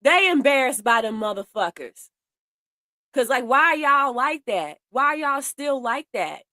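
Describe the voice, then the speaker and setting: A woman's voice: sits high, lively intonation, measured pace, pushed and bright, dry recording, clean studio sound. A woman doing heated commentary, blunt and profane, speaking straight to her viewers in a way. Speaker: commentary host. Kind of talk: casual commentary.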